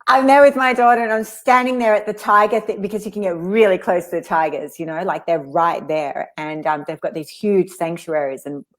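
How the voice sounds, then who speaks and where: Aussie lady host, lowish voice, chatty, lots of ums. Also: fairly even intonation. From Australia. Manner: chatty, with fillers and quick asides. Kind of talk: casual interview chat.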